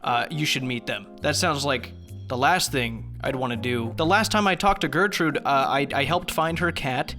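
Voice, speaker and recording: A man's voice: mid-range voice, normal speed, pushed and bright, faint music behind. A young man giving sarcastic, profane comedic commentary on a video game, ranting about its writing. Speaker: gaming commentary host.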